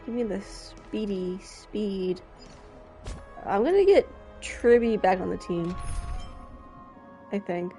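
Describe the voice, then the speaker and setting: A young adult woman giving casual gameplay commentary, chatty and excitable, often talking to herself. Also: mid-range voice, takes it slowly, long pauses, faint music behind. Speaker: streamer.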